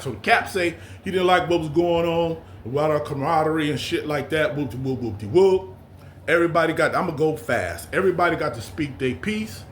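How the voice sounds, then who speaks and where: Older man telling a profane prison story. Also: a little high. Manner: profane, animated, streetwise storytelling. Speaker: vlog storyteller. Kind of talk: casual storytelling. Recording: echoey room with faint background hum.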